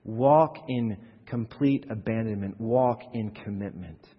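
A man preaching a sermon as pastor, animated and acting out quoted voices, with frequent repeated words. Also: on the low side, slow, breathy edge. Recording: muffled hall recording from a distance.

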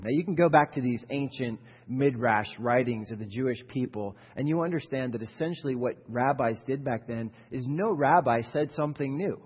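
A man's voice: mid-range voice, slightly rough, big-room sound, muffled recording. A male pastor giving a sermon in a conversational style that builds to emphatic peaks.

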